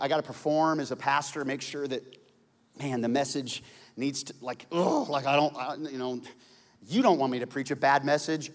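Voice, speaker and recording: A man preaching a sermon as a pastor, conversational, stumbling over repeated words and building to loud emphasis. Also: mid-range voice. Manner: conversational, repeats words when searching, jokes and laughs, climbs to shouting. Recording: long hall reverb.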